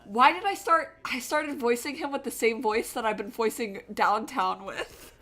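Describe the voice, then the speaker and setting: A woman's voice: on the high side, moderate pace, bright, forceful tone. A woman streamer reading a mystery game aloud, with giggly, chatty asides. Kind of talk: let's-play reading and commentary.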